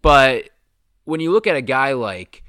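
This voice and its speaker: A young man hosts a sports talk show with a bright, crisp voice recorded close and dry. He talks in a casual, animated way and jumps up in pitch when something excites him. The tone stays conversational and chatty. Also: measured pace, no room sound.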